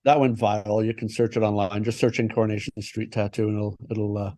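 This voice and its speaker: A man, a tattoo artist, chatting casually and swearing often, with halting restarts. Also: lowish voice, level tone, mellow, dry recording. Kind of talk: casual podcast chat.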